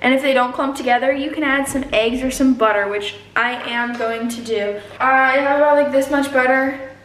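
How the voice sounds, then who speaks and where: A woman's voice: sits high, normal speed, fairly bright tone, slight background noise. A teenage girl vlogging casually while cooking in her kitchen, talking with lots of fillers. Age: teens. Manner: chatty, many fillers, talks while mashing. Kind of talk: casual cooking vlog chat. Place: home kitchen. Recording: very echoey room, distant mic.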